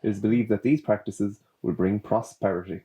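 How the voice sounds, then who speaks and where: Male co-host, dark mellow voice, dry fact-reader. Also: fairly low pitch, fairly even intonation, fairly quick, slight background noise. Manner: wry, ends facts with "there you go". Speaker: podcast co-host. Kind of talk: casual chat, reading fun facts.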